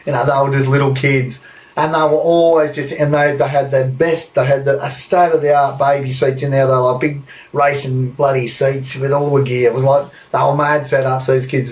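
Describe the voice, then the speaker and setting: An Australian man in his thirties hosts a podcast, telling a rambling anecdote in casual storytelling style and swearing freely. His voice is medium-pitched and recorded from a distance.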